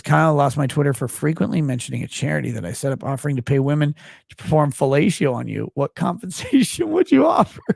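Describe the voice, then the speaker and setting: A man hosting a live stream, reading viewer comments aloud with sardonic jokes, sudden loud outbursts and quiet asides. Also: medium pitch, gravelly, dry recording, studio quality. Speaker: show host.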